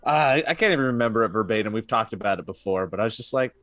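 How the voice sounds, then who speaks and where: A man's voice: fairly low pitch, animated, racing, a bit bright, no echo, soft background music. A man as a podcast co-host in casual chat, recalling an incident in a rambling way. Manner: rambling, trailing recollection.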